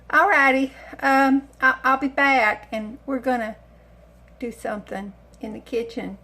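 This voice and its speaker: Slow-talking high-voiced woman. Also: level tone, sharp tone. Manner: rambling, chatty, self-mocking with frequent sighs and laughs. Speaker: cooking vlogger. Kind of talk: casual chat to camera. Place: home kitchen.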